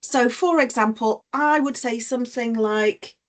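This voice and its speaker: A woman's voice: on the high side, unhurried. A woman teacher giving an online punctuation lesson, explaining patiently with examples over a video call.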